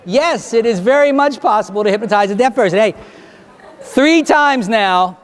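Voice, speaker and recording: High-voiced male stage hypnotist. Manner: animated stage speaker, slow deliberate hypnotic suggestions. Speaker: hypnotist and speaker. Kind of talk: Q&A talk and hypnotic induction to students. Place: high school auditorium.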